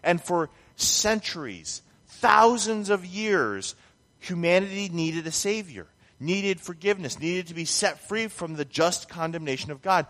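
Male pastor preaching, kinda high voice, hammers repeated words, big church reverb. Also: lively intonation, measured pace, a bit bright. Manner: emphatic, builds to stressed repeated phrases. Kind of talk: sermon.

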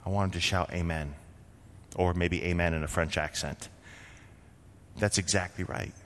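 A man's voice: sits low, fairly even intonation, moderate pace, fairly bright tone, in a large hall. A man from Vermont preaching a sermon as a pastor, in a conversational way with frequent rhetorical questions. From Vermont, USA.

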